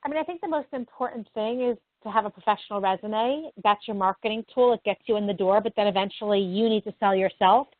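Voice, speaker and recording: A woman from New Jersey with no regional accent, a career services professional answering interview questions in a calm, practical way. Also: medium pitch, fast, hardly any pauses, dry recording. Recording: tinny phone line, dry.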